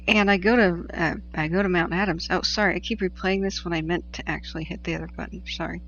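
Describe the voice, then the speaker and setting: A woman's voice: lowish voice, steady tone, fast talker, hardly any pauses, a bit bright, lo-fi sound, a little hiss or hum. A woman from the Pacific Northwest hosting a casual livestream, chatting, laughing often and reading viewer messages aloud. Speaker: livestream host tracking wildfires.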